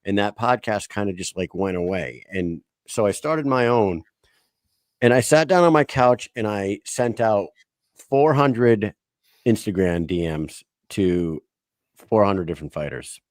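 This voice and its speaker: A man hosting a podcast, talking in an excited, loose way with lots of fillers. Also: fairly low pitch, measured pace, no echo, studio quality. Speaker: podcast host. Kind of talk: casual chat.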